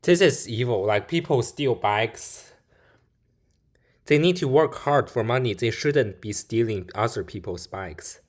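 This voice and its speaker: Man, casual reaction commentary, indignant, mid-pitched. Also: lively intonation, unhurried. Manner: indignant, plain-spoken, with slips and restarts. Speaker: video reactor. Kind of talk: casual commentary over a news clip.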